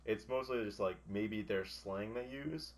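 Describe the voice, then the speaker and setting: A man's voice: on the low side, measured pace. A young American man chatting casually on a podcast, blunt and sweary, with a dry, teasing way of talking. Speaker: podcast co-host. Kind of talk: casual chat.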